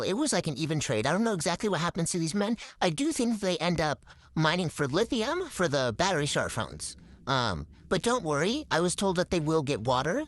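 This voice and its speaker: A young woman answering viewer questions in a casual, deadpan comedic monologue. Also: dry recording, clean studio sound. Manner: deadpan, absurd jokes, lively pitch swings. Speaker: vlogger.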